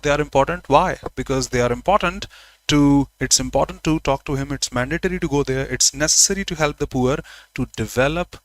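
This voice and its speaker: A man teaches grammar live online, repeating example phrases and greeting viewers by name. His voice sits a little high for a man. The sound is dry and close to the mic. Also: brisk, a bit bright, dry recording, low-quality recording.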